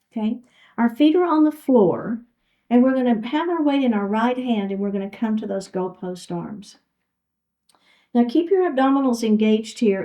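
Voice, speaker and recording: A woman with a slightly high, mellow voice runs a chair yoga class, cueing each move step by step in an encouraging way. She sounds a touch out of breath on a low-quality recording.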